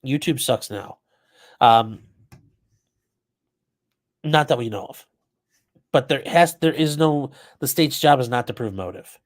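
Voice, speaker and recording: A man's voice: medium pitch, animated, a little slow, long pauses. A man hosting a casual live stream, commenting on a trial and answering chat with blunt, profane asides. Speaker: livestream host commenting on a trial.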